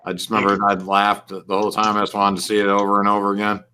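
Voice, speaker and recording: Low bright-voiced man reminiscing. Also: completely flat delivery, very fast. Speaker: chat participant, navy veteran. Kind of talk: casual group chat.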